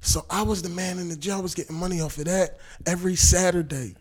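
Husky, animated New man. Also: high voice, quick pace. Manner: animated, profane, acts out quotes. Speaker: podcast guest. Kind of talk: casual storytelling.

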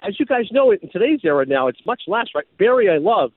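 A podcast host who used to be a sportscaster tells stories in a casual chat, animated and now and then slipping into his announcer voice. His voice sits high and his pace is quick. The recording is dry and sounds phone-quality.

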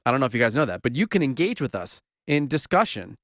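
A man's voice: medium pitch, very animated, quick pace, fairly bright tone, no room sound. A man co-hosting a podcast, trading wry, dry-humored banter in a casual chat. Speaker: podcast co-host.

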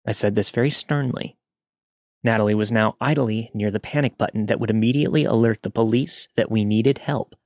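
A man narrating a scripted first-person horror story in a steady, measured reading. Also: on the low side, no room sound, studio quality.

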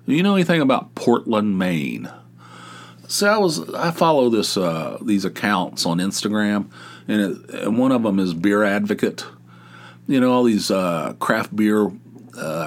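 A man hosting a solo podcast, talking in a rambling, wry and exasperated casual way. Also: lowish voice. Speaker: podcast host.

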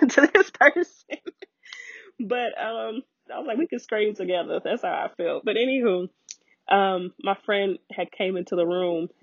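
A woman, hosting a podcast and telling a personal story in an animated way, acting out quoted voices and getting emotional. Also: breathy edge, no echo, lo-fi sound. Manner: animated storyteller, acts out quoted voices with big pitch jumps, laughs often. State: emotional, near tears at times. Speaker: podcast host.

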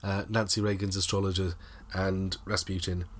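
A man's voice: low voice, little pitch movement, moderate pace, fairly bright tone. A man co-hosting a comedy podcast, telling odd stories playfully and laughing often. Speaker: podcast co-host. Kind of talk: casual comedic chat.

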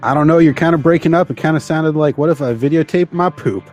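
A man's voice: fairly high pitch, darkish tone, soft background music. A man hosting a live podcast stream, chatting casually and jokily with lots of fillers and restarts. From Canada. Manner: rambling, jokey, halting with many fillers. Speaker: livestream podcast host.

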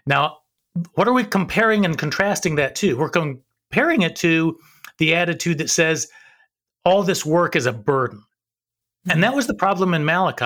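A man with a fairly high voice talks earnestly as a guest on a podcast. He explains ideas the way a preacher would and now and then acts out quoted voices. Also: a bit bright. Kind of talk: conversational podcast teaching.

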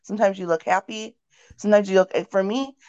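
A woman's voice: medium pitch, steady tone, brisk, darkish tone, no echo, dull audio. A woman co-hosting a casual podcast, talking in an earnest, reflective way. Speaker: podcast co-host. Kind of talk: casual conversation.

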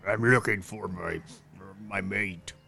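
A woman voicing a gruff male boar searching for its mate, speaking slowly and haltingly. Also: sharp tone, exaggerated voice. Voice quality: deep and gravelly.

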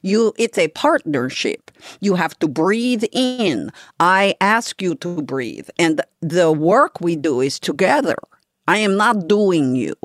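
A woman's voice: on the low side, big pitch swings, slow pace, dry recording, studio quality, heavily acted. Woman putting on a blunt Brazilian masseuse. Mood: instructive. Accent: put-on Brazilian. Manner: emphatic, teasing, laughing between lines.

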